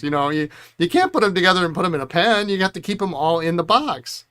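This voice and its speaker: A man's voice: high voice, sing-song, fast, few pauses, a bit bright, clear, resonant tone. A middle-aged man hosting a pen repair stream, rambling through stories and chuckling often. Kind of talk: casual chat while working.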